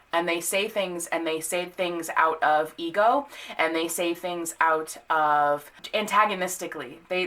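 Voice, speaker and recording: Young woman tarot reader, bright tone, chatty and filler-heavy, blunt when riled. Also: lowish voice. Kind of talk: casual tarot reading to camera.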